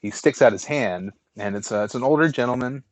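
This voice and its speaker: A man's voice: mid-range voice, brisk, no room sound. A man telling a long story as a podcast co-host, rambling with restarts and fillers. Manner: rambling, many restarts and fillers, animated retellings. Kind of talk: casual storytelling.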